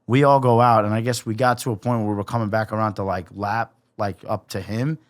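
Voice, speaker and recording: A young man, a podcast guest, telling a story in a casual, profane, animated way and acting out the quotes. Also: lowish voice, brisk, no room sound, studio quality.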